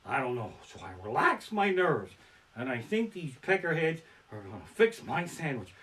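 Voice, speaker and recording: A stand-up comic in his living room rants about everyday annoyances with a lot of swearing. His voice sits high and leaps around, from low mutters to loud bursts. The home setup is bare-bones. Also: sing-song, moderate pace. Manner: ranting, swearing, swinging between mutters and outbursts. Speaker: stand-up comedian. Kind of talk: profane stand-up storytelling. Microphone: barebones home setup.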